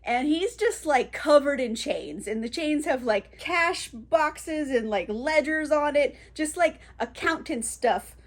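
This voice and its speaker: A woman's voice: high-pitched, expressive, slow, few pauses. A woman recapping a classic novel for her book vlog in a chatty, filler-heavy, swearing manner. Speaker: book vlogger.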